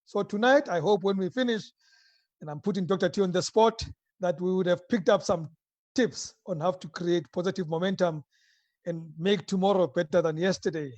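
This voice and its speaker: A man with a high, light voice hosts a live talk show. He speaks earnestly and reflectively, settling in before he welcomes his guest. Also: normal speed, darkish tone, dry recording, highs cut off. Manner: opens with a told joke, earnest and reflective. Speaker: host.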